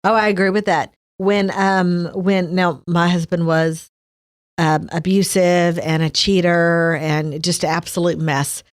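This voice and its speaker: A woman co-hosting a faith podcast, telling personal stories in a candid, expressive way. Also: fairly low pitch, measured pace, no echo, studio quality. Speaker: podcast co-host. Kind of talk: casual faith podcast chat.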